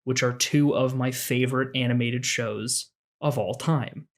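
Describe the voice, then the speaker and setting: A man's voice: mid-range voice, steady tone, measured pace. Earnest, rambling podcast host man. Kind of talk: casual chat.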